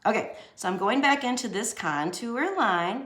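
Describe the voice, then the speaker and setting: A woman's voice: a little high, expressive, normal speed, few pauses, fairly bright tone. A young woman teaching a casual drawing lesson, chatty and joking with herself as she shades. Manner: chatty, jokey, talks to herself while drawing. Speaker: art teacher. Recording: echoey room.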